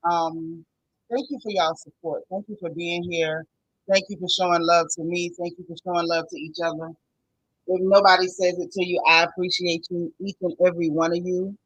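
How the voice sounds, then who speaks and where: A woman's voice: on the low side, little pitch movement, normal speed, slightly rough. A woman hosting a casual livestream, greeting each viewer by name with pet names like girl, sis and boo. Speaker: livestream host.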